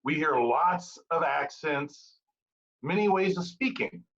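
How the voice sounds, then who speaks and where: A man giving a prepared, humorous club speech with an animated storytelling delivery. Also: a little high, takes it slowly, creaky, dull audio. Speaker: Toastmasters speaker.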